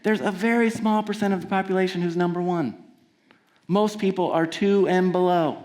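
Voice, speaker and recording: Playful high-voiced male storyteller on stage. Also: steady tone, moderate pace, darkish tone, soft background music. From Washington, USA. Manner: conversational, playful, builds to emphatic points. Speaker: singer-songwriter telling stories between songs. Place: theater stage before an audience.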